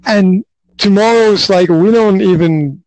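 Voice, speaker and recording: A man's voice: high voice, takes it slowly, darkish tone, no echo, low-quality recording. A man hosting a podcast, talking in a rambling, casual way with lots of fillers, restarts and tag questions like "right?". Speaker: podcast host. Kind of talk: casual conversational podcast chat.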